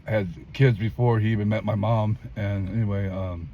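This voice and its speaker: An older Californian gives a forceful street-interview testimony at normal speed and fairly even intonation. He acts out those he quotes, often leaping high, against faint traffic in a dull lo-fi recording.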